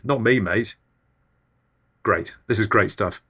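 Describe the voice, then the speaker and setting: A man with a lowish voice delivers absurd comedy bits flatly, never raising his energy. His tone stays deadpan and unhurried as he hosts his comedy podcast. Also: husky. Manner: deadpan, low-key delivery. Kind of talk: absurdist comic monologue.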